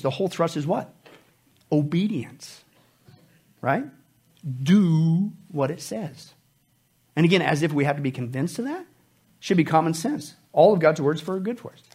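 Animated husky-voiced male pastor. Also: fairly high pitch. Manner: animated, laughing asides, mock voices. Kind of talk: sermon.

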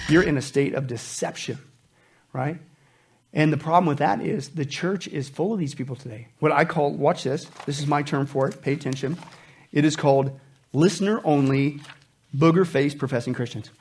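A middle-aged male pastor preaching a sermon, animated, with laughing asides and mocking voices. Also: a little high, moderate pace, gravelly, a little hiss or hum.

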